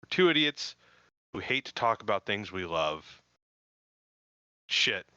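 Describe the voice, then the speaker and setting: Brief: male podcast host, bright, tense edge, self-mocking banter, dull lo-fi sound. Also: on the low side, big pitch swings, measured pace, clean tone, no echo. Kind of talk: casual chat.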